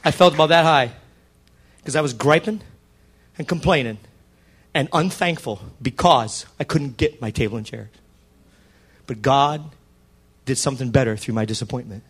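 At a moderate pace and with frequent pauses, this middle-aged pastor speaks in a husky voice of medium pitch. He animates his story-driven sermon by acting out the dialogue in shifting voices.

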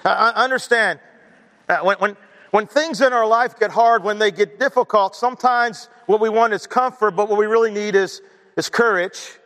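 A man's voice: high-pitched, normal speed, fairly bright tone, big-room sound. A man preaching a sermon to his congregation, mixing scripture reading with chatty asides, then leading a prayer. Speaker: pastor. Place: church sanctuary.

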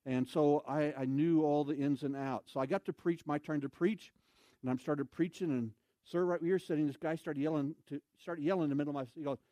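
A man preaching a sermon in a church, telling stories with lively, animated delivery and loud bursts of emphasis. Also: a little high, a little fast, no room sound. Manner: animated storytelling, acts out voices, shouts for emphasis. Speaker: pastor. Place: church sanctuary.

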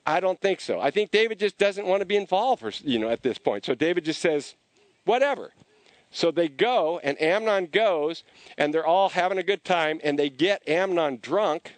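Animated man preaching, slightly high voice. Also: moderate pace, dry recording. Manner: animated, frequent restarts. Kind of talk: conversational sermon storytelling.

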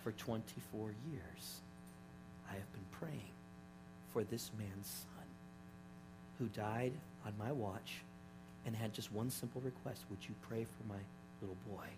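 A man retelling a tearful old nurse, hushed. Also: lowish voice, a little slow, long pauses, music in the background, voice pushed down, lightly acted, rough recording. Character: elderly woman, a tearful former nurse. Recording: steady mains hum underneath.

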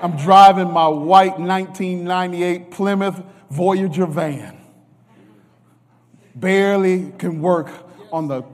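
A man preaching a sermon, emotional, moving from hushed tones to shouts. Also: high voice, takes it slowly. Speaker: guest preacher. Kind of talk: sermon with testimony. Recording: reverberant church hall.

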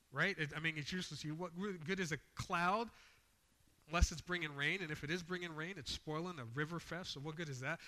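A man's voice: fairly high pitch, pushed and bright, long reverb tail. A man preaching a sermon, reading scripture aloud with rising emphasis and explaining it in a plain, conversational way.

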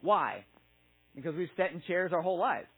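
Husky-voiced man giving a playful sermon. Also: high-pitched, moderate pace, phone-quality sound. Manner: animated, acts out characters in a playful storytelling way. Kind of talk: casual sermon.

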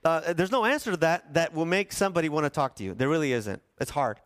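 A man's voice: fairly high pitch, animated, quick pace, fairly bright tone. A middle-aged man, a pastor, preaching a sermon in a conversational storytelling way with acted-out quotes.

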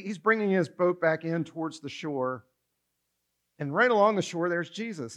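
Male pastor, slightly high voice, animated sermon delivery with stammered restarts. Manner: animated, acts out dialogue, some stammering restarts. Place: church stage.

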